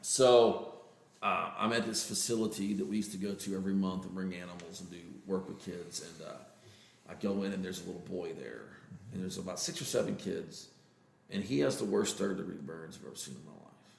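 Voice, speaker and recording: A Texan man talks in a low, gravelly voice, earnest and halting, with plenty of fillers. The room behind him is echoey and a little hollow. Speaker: interview guest. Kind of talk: casual storytelling interview.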